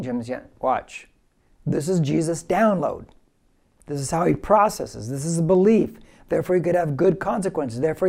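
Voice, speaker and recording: A man's voice: a little high, creaky, a little mellow. A male pastor preaching a verse-by-verse sermon with emphasis, leading listeners in repeating key phrases.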